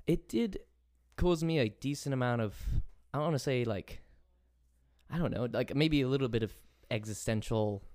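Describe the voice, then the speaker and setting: A man's voice: mid-range voice, normal speed, darkish tone, dry recording, clean studio sound. A young man with an English accent, chatting casually on a podcast. He swears freely and laughs easily. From England. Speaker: podcast host. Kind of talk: casual chat.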